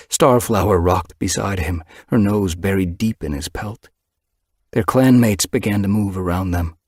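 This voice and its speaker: A man narrating a storybook in an expressive storytelling manner. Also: low voice, slightly rough, no echo, studio quality. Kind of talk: audiobook narration.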